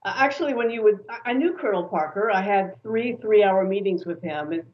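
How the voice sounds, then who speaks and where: Animated woman guest on a dull line. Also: medium pitch, brisk. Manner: animated, opinionated storyteller. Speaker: author and guest. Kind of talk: interview.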